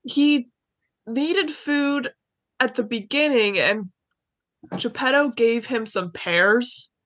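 A woman's voice: fairly high pitch, slow pace, a bit bright, dry recording. A young woman co-hosting a podcast, casually retelling a story in a chatty, rambling way with lots of "like" and "anyways". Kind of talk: casual chat.

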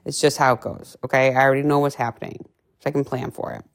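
A woman's voice: a bass voice, fast talker. A woman nutrition coach talking casually and bluntly, cursing freely and acting out little scenes. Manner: brash, profane, animated storytelling with playful voices. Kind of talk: casual podcast monologue.

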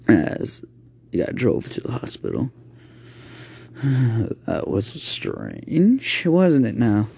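A man telling an improvised horror story in a halting way, with slips and restarts. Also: mid-range voice, wildly swooping pitch, gravelly, dark tone, husky.

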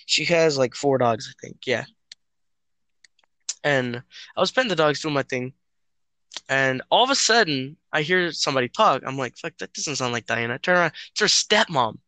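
A man's voice: mid-range voice, animated, normal speed, sharp tone, no echo. A young man chatting casually with a friend over a voice call, telling a story in a hesitant, rambling way with lots of fillers and swearing.

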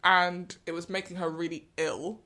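A woman co-hosting a podcast, chatting and gossiping casually about a reality show, with quick mimicking asides. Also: lowish voice, flat delivery, bright, forceful tone. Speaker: podcast co-host. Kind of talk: casual chat.

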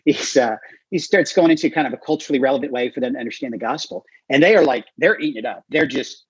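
A man, a guest author and missionary, telling stories in an interview with an animated manner and frequent fillers. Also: medium pitch, fast talker, slightly rough, dry recording. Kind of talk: storytelling in an interview. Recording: dry, slightly dull recording.

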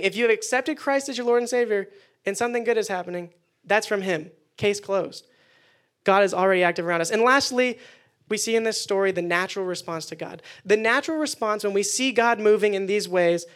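A man preaching a casual youth sermon indoors to listeners, energetic and conversational with jokes. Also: high voice. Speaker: youth pastor. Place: indoor meeting room with listeners.

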